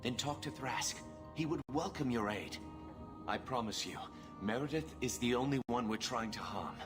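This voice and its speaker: A sincere young templar in a fantasy video game, played by a male actor pleads with urgent conviction. His voice sits at an ordinary pitch, and game music plays clearly beneath it. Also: animated, moderate pace, close to an everyday voice. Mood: pleading.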